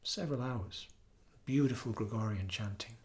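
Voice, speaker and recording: A man, a yoga teacher, giving an earnest, reflective talk with gentle storytelling. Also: medium pitch, normal speed. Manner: earnest, storytelling, breaks into soft singing.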